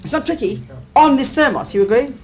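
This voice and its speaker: Buddhist teacher, woman, slightly high voice, animated, keeps checking listeners agree, acts out exclamations. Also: fairly quick, low-quality recording. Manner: acts out everyday exclamations with sudden lifts. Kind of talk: live dharma teaching to an audience.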